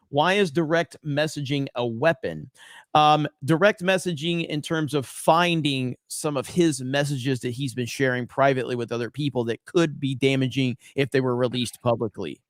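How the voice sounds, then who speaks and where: A man hosting a live stream, reading viewer comments aloud in a relaxed, casual chat full of ums and uhs. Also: medium pitch, normal speed, no echo, studio quality. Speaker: host.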